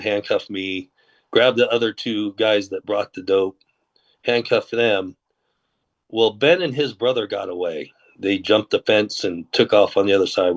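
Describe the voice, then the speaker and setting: Low-voiced man telling a story. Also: dull audio. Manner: relaxed anecdotal telling, acts out quoted dialogue. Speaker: former corrections officer and undercover officer, guest. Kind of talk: storytelling in a podcast interview.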